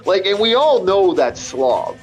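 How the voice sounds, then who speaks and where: Let's play host, man, higher voice, rambling and swearing, faint game music under him. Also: sing-song, a little slow. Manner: rambling, profane, stumbling restarts. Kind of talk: casual chat over gameplay.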